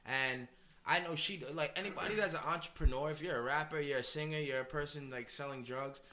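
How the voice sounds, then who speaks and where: A man co-hosts a podcast in loose, joking chat that is full of swearing. His voice is bright and a little high, and he talks quickly. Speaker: podcast co-host. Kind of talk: casual chat.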